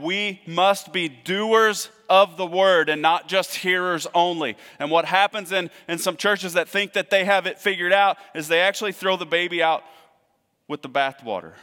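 A man preaching a sermon in a conversational way, swinging between loud emphasis and hushed asides. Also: high voice, normal speed, long reverb tail. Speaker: pastor.

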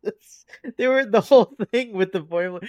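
A man's voice: sits high, moderate pace, darkish tone, no echo, highs cut off. A man guesting on a podcast in casual chat about a cartoon episode, laughing again and again as he talks. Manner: giggly, keeps laughing while talking.

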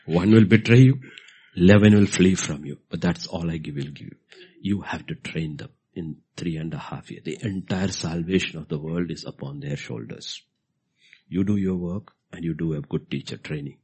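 A middle-aged man preaching a sermon, repeating key phrases and swinging from hushed whispers to loud emphatic bursts. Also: low voice, moderate pace, slightly rough.

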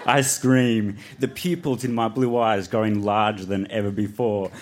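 A man reading his childhood horror story aloud on a live festival stage, deadpan between laughs. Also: fairly low pitch, normal speed, few pauses, a little hiss or hum. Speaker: reader on a live storytelling show.

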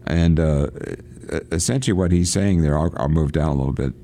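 Radio host, deep voice, warm tone, reads passages aloud and stumbles into restarts. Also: male voice, moderate pace. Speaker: radio host reading and discussing a novel. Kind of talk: casual reading and discussion on radio. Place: church.

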